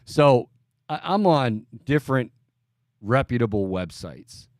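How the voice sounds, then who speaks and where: Man, sports radio host, casual chat, halting restarts, mid pitch, dry close sound. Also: expressive, no room sound.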